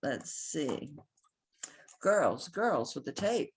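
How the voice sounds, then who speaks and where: A woman with a Southern US accent, chatting casually at home as she shows jewelry for sale, impatient and quick to laugh at herself. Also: low-pitched, sing-song, a little hiss or hum, poor audio. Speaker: online jewelry seller. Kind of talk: casual selling vlog.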